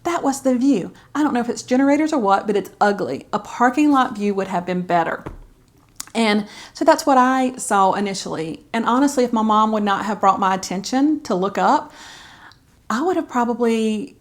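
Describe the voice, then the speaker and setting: A woman's voice: on the high side, lively intonation, moderate pace. Chatty middle-aged woman. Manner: chatty and heartfelt, with frequent fillers and soft laughs. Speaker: caregiver vlogger. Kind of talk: candid personal vlog talk.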